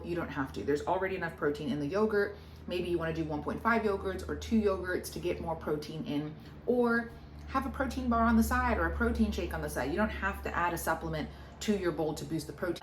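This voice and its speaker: A woman's voice: on the low side, slight background noise. A woman fitness coach chatting casually through a recipe and a meal-logging demo, upbeat and gushing. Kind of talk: casual recipe vlog chat.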